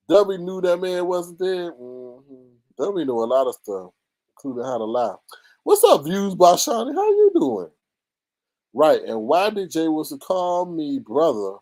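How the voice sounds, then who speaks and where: A man hosting a live stream, gossiping about online drama in a sassy, animated way with sudden high exclamations. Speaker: live-stream commentary host.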